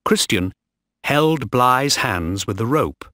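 A man narrating a simple storybook for English learners, reading slowly and clearly. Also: medium pitch, animated, fairly bright tone, no echo.

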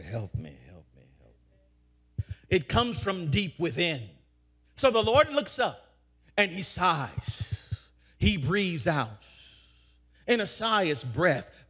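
High-voiced fervent male preacher. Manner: fervent, repeats phrases, builds to loud declarations. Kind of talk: sermon.

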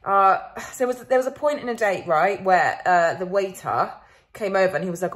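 A woman's voice: medium pitch, expressive, normal speed. A young woman from Finland with a Finnish accent, chatting casually in a vlog, swearing freely and laughing often. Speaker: vlogger.

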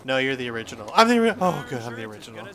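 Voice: medium pitch, sing-song, very fast, fairly bright tone. Goofy gamer with a bouncy voice. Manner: goofy, role-plays the game's farmer with mock drama. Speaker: gameplay host. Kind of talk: playful let's-play commentary. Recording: noisy home recording.

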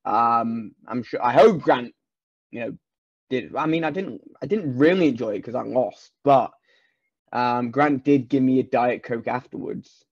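Husky Scottish man, playful guest. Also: mid-range voice, unhurried, lo-fi sound. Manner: playful, mock-indignant, rambling. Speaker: wrestler guest. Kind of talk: casual podcast chat.

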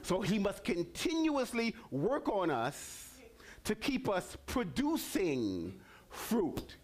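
A man preaching a sermon on a television ministry broadcast, animated and repetitive, with stammered restarts and sudden bursts. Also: high-pitched, takes it slowly.

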